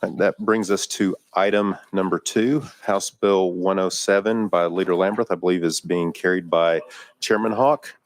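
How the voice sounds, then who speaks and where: A man's voice: sits low, fairly even intonation, normal speed, no echo. A man chairing a legislative committee hearing, running votes in a plain, procedural way with frequent fillers, speaking into a desk microphone.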